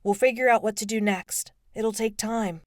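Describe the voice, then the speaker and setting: A woman voicing a tender, reassuring teenage boy in an audiobook, speaking softly and comfortingly. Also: on the high side, steady tone, normal speed, dry recording, studio quality, natural voice. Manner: soft, comforting. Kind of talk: audiobook character voice.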